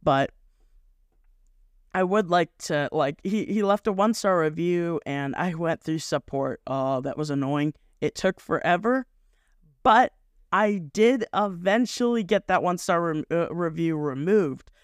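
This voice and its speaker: A man's voice: fairly high pitch, animated, a little slow, clean tone, no echo, studio quality. A young man hosting a faith podcast, talking in a rambling, earnest way and often correcting himself. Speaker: podcast host. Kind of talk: casual devotional podcast talk.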